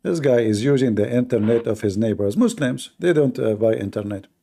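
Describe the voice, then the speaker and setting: A man's voice: medium pitch, fairly quick, creaky, dark tone, slight background noise. A male livestream debate host who talks in a mocking, combative way, with sarcastic jabs and broken, non-native grammar. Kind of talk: combative live debate talk.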